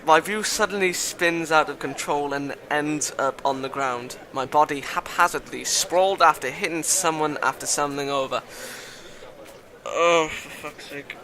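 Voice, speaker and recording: Man, bright and forceful voice, reads a visual novel aloud with dramatic flair and sudden swearing outbursts. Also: on the high side, normal speed, few pauses. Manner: dramatic reading broken by loud exclamations and swearing. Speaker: visual novel let's-play reader. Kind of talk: reading a visual novel aloud with joking asides.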